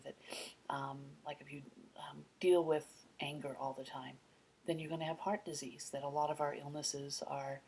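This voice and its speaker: A woman's voice: low-pitched, level tone, moderate pace, gravelly, darkish tone, breathy edge. A middle-aged woman vlogging in casual chat, rambling with many fillers and dropping into whispered asides.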